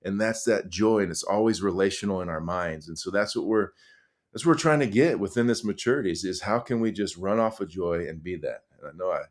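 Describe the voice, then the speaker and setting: A middle-aged man, a high school coach, talking through stories in an earnest, animated way with lots of fillers and restarts. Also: brisk. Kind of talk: conversational storytelling.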